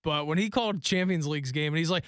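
Man, podcast co-host, easygoing casual chat, fairly high voice, dry close sound. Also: fast, dry recording. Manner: easygoing, laughs often, trails off mid-sentence.

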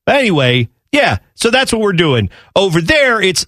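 A man hosting casual sports talk who rants with an animated delivery and frequent restarts. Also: high-pitched, moderate pace, hardly any pauses, no echo, clean studio sound. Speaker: sports radio host.

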